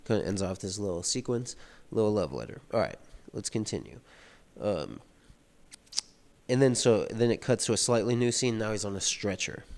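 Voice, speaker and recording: Man, slightly low voice, casual read-along commentary, reads passages then unpacks them loosely. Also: lively intonation, normal speed, long pauses, a little mellow. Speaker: book reader and commentator.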